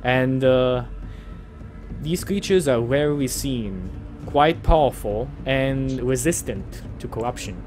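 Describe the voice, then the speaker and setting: A man's voice: medium pitch, lively intonation, takes it slowly, darkish tone. A man narrating a fantasy tabletop game as game master, describing rooms in an easygoing way. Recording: music playing behind.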